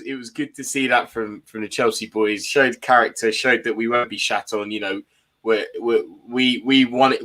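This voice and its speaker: A man talking as a guest fan in a casual football chat, excitable and enthusiastic, laughing often. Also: medium pitch.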